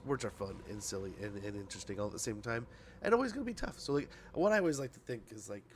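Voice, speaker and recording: A man's voice: fairly low pitch, a little hiss or hum. A male streamer in casual livestream chat, reading patch notes aloud, rambling, tripping over words and laughing at himself.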